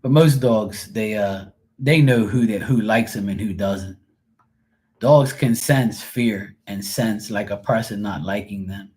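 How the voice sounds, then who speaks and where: A man's voice: lowish voice, unhurried, darkish tone. A middle-aged man hosting a live stream, chatting casually and rambling through stories, acting out the people in them. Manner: rambling, storytelling with voiced quotes. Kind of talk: casual chat.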